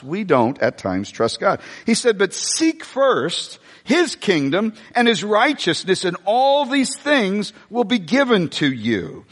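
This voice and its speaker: Animated high-voiced preacher in a hall. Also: male voice, breathy edge. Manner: animated, jokey preaching with laughs and sudden shouts. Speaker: pastor. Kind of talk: sermon. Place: church hall.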